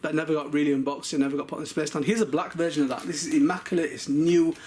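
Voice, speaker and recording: A man chatting casually through an unboxing vlog of toy cars, talking quickly and often calling viewers "guys". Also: a little high, steady tone, darkish tone, slight background noise. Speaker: RC car collector vlogger.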